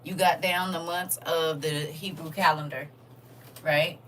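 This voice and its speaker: A woman's voice: low voice, fairly even intonation, a little slow, fairly bright tone, distant mic, slight background noise. An older woman leading a casual livestream Bible lesson, chatting and teasing her viewers as she teaches. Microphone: phone.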